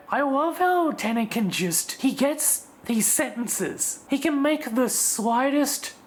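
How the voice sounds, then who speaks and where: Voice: sits high, expressive, slow, slight background noise. A video reviewer giving a scripted scene-by-scene analysis of an episode, sometimes restarting a sentence. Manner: analytical, breaks down scenes one by one.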